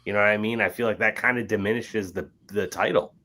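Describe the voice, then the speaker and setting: A man's voice: on the low side, fairly even intonation, fast, pushed and bright. A man co-hosting a casual review chat, laid-back and hesitant, with lots of filler words. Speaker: co-host.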